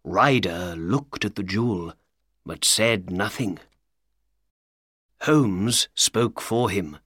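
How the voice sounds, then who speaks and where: A man narrating a graded-reader story in a slow, clear, expressive way. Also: on the low side, no echo, clean studio sound. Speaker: audiobook narrator.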